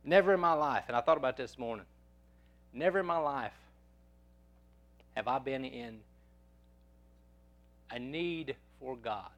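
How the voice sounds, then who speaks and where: Preacher man with a mid-pitched voice, folksy storyteller in a sermon. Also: a little slow, pauses often, a bit bright. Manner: folksy storyteller, repeats words as he goes.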